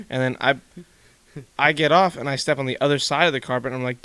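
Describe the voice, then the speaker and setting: Lively young man telling a story. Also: mid-range voice, brisk, clean tone, no echo. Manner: animated storytelling, swearing, laughing. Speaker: podcast host. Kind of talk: casual chat. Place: home room, basement.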